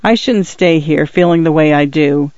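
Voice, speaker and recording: A man voicing an old pioneer grandfather who speaks gently and wistfully, recorded on a dull, dry, lo-fi track. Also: on the high side, normal speed, dry recording, natural voice. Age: older. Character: old male pioneer grandfather, proud and hurt.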